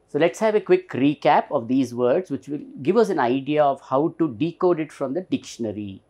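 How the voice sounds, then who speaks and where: A man's voice: a little high, expressive, moderate pace, hardly any pauses, mellow. A man teaching a pronunciation lesson, patiently spelling out and repeating words. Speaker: English teacher.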